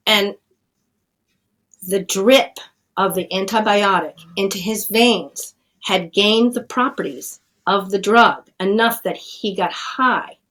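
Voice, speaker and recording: A woman's voice: medium pitch, slow pace, fairly bright tone, rough recording. Middle-aged woman guest, earnest and plainspoken storyteller. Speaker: addiction scientist, guest. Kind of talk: conversational storytelling.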